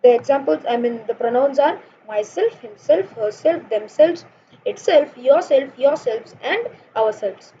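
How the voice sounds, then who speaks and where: Young woman, high mellow voice, patient grammar teacher, lo-fi home recording. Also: expressive. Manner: explains slowly with examples, fillers and "guys". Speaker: online English teacher. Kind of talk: informal grammar lesson. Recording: dull lo-fi sound with faint noise.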